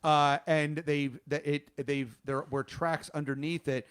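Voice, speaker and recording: A man's voice: on the high side, level tone, a little slow, smooth. Profane, chatty New man. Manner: profane storyteller, loud when he quotes people. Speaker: podcast host. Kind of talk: casual chat.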